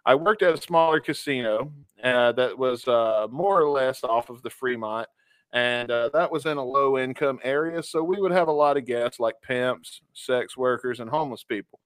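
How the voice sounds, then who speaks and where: A man with a smooth, resonant voice co-hosts a casual podcast, reading out listener stories in an easy, laid-back way. The sound is dry and close, with no room around it. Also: mid-range voice, moderate pace, a bit bright, dry recording. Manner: laid-back, reads stories aloud and ranks them, chuckling. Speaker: podcast co-host.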